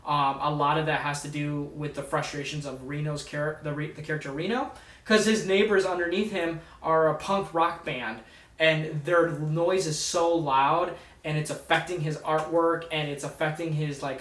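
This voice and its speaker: A man's voice: fairly high pitch, fairly even intonation, moderate pace, a bit bright. A man casually reviewing horror films in a rambling way, full of ums, uhs and restarts. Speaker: movie reviewer. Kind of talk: casual movie review vlog. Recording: echoey room, distant mic.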